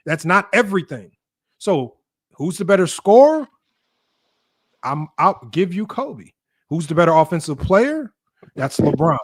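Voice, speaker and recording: A man's voice: a little high, big pitch swings, measured pace, pauses often. A man hosting a heated sports debate, repeatedly cutting in to hold the floor and tally points. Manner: keeps cutting in with "hold on", tallies points methodically. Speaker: debate host.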